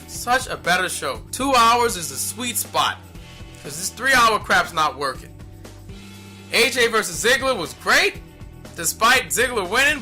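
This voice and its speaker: A man with a high, very bright and cutting voice delivers a solo wrestling review. He rants bluntly with open exasperation and repeats his complaints for emphasis. Faint music plays under his talk. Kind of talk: solo opinion commentary.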